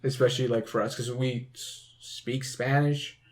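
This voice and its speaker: A man's voice: medium pitch, steady tone, moderate pace. A man hosting a casual podcast chat, rambling with lots of "like" and frequent laughter. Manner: rambling, fillers of "like", laughs often. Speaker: podcast host.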